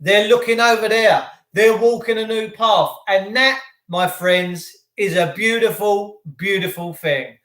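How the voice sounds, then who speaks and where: A man hosting a live stream from home, talking to viewers in an excitable, effusive, rambling way. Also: sits high, measured pace, echoey room. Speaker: channel host. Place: indoors at home.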